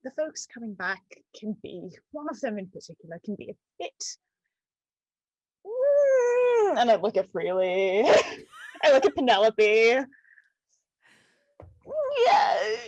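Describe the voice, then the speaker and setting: A woman's voice: medium pitch, expressive, a little mellow, no room sound, highs cut off. A woman playing a tabletop game, speaking hesitantly. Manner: hesitant, slow. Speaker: player.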